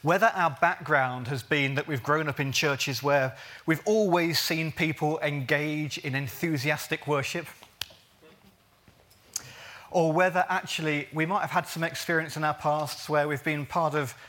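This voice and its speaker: Male preacher, bright and fairly high voice, earnest with playful asides. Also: fairly even intonation, unhurried. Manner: earnest, jokey asides, stretches words for emphasis. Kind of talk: sermon.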